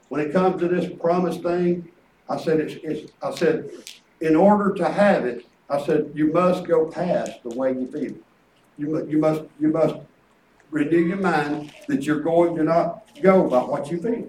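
A man's voice: a little high, darkish tone, slight background noise. An older man preaching a folksy sermon, telling family stories with chuckles and quoting his grandkids. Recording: echoey room picked up from a distance.

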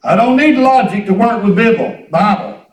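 A man's voice: sits high, animated, normal speed, reverberant, far from the mic, rough recording. A man preaching a sermon in a folksy storytelling way, acting out conversations. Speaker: pastor. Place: church hall.

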